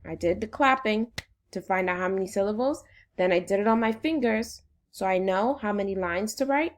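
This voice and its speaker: A woman teacher leading a phonics lesson for children, slowly and encouragingly sounding out syllables. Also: mid-range voice.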